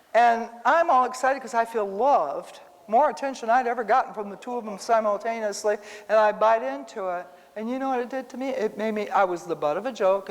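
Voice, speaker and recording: A woman teaching a casual sermon full of personal stories, talking straight to her listeners. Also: mid-range voice. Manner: animated storytelling, talks to the room. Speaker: Bible teacher. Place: church hall. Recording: reverberant church hall.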